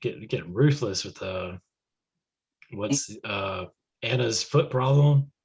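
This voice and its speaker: A young adult man co-hosting a podcast, laid-back and quick to laugh in casual chat. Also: fairly low pitch, darkish tone, husky, muffled recording. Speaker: podcast co-host.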